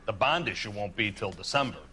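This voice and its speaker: Casting: brisk businesslike commander, bright tone. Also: male voice, fairly low pitch, expressive, slight background noise. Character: gruff, matter-of-fact older male police commander. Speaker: police commander.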